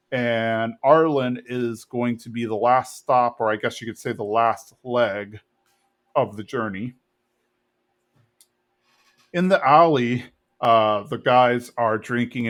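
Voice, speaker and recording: A man from Texas talks through a TV episode on his podcast. He is casual and rambling, with plenty of fillers and small laughs. His voice sits at an ordinary middle pitch. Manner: chatty and rambling, with fillers and chuckles. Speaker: podcast host.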